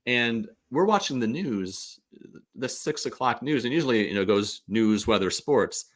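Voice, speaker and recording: A man from the St. Louis area, a podcast guest, telling stories in an animated, rambling way with lots of restarts. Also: mid-range voice, moderate pace. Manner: animated, digressive storyteller. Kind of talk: casual chat.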